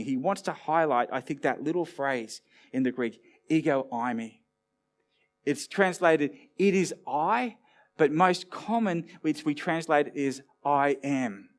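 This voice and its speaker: A man preaching a sermon in a church, animated and storytelling, dropping low and quiet for emphasis. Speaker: pastor.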